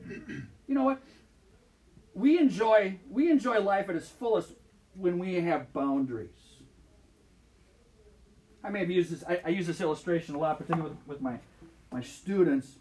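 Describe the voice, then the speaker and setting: A man preaching a sermon in an animated way, often checking in with his listeners as he teaches. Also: high voice. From Michigan.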